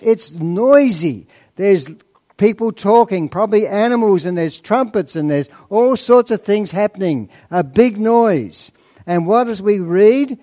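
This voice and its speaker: A man preaching a sermon, asking rhetorical questions and slowing down to stress key points. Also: sits high, darkish tone.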